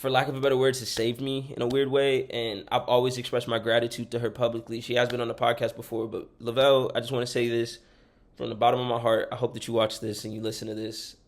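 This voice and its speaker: A man's voice: mid-range voice, level tone, fast. A young man hosting a podcast, rambling sincerely through thank-yous to friends and listeners, swearing freely and choked up close to tears. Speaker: podcast host. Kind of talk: heartfelt shout-outs to listeners.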